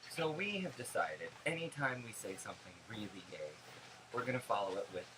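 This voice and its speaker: A young man telling stories in a casual vlog, animated, gossipy and sarcastic. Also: lowish voice, a little fast, background noise. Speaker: vlogger.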